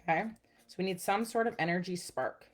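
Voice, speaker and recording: Upbeat chatty woman with a low voice. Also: brisk, soft background music. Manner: upbeat, chatty, says "okay" and "guys" a lot. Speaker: personal growth coach. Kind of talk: casual teaching to camera.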